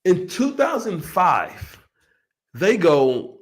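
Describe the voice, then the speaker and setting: A man with a high, lively voice hosts a reaction stream, jumping between hype and play-acted asides. His pitch climbs and drops all over as he riffs, animated and excitable throughout. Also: moderate pace. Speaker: host reacting to a podcast clip. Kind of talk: casual reaction commentary.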